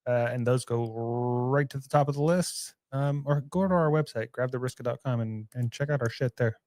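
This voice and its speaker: A man co-hosting a barbecue podcast in casual chat, easygoing as he reads out listener posts and shout-outs. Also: mid-range voice, moderate pace, no room sound, studio quality. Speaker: podcast co-host.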